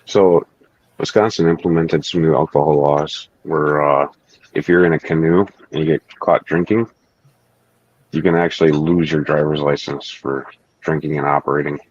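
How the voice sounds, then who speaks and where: A man's voice: a bass voice, steady tone, normal speed, highs cut off. A man speaking matter-of-factly as a guest in a casual livestream chat.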